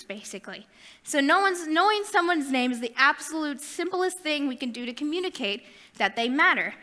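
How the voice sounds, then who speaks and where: A woman's voice: high voice, sharp tone, long reverb tail. A young adult woman giving a casual youth sermon, chatty with self-deprecating asides. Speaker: youth ministry speaker.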